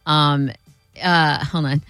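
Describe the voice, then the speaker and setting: A woman co-hosting a radio show, chatting in an excitable, rambling, playful way. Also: sits low, slow, clean tone, dry recording. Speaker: radio co-host. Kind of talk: casual radio chat.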